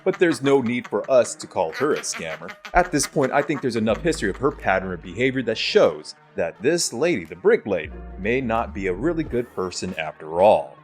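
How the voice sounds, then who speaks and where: A man's voice: fairly low pitch, sing-song, brisk, hardly any pauses, soft background music. A man hosting a commentary show, wrapping up with emphatic, lecturing remarks. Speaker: show host. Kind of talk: commentary sign-off.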